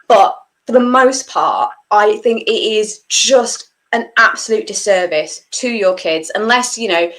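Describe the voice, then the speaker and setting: A woman's voice: medium pitch, fairly bright tone, rough recording. A woman chatting on a podcast, blunt and emphatic, swearing freely when she gets worked up. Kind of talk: casual chat.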